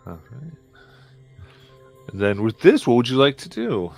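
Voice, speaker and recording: A man narrating a tabletop game as game master in a relaxed, halting way with fillers. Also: mid-range voice, gravelly, soft background music.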